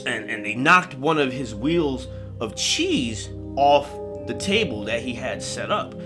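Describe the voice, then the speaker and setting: A man's voice: mid-range voice, big pitch swings, unhurried, music in the background. Profane, rambling male storyteller. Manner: casual, profane, rambling asides. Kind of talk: comedic storytelling.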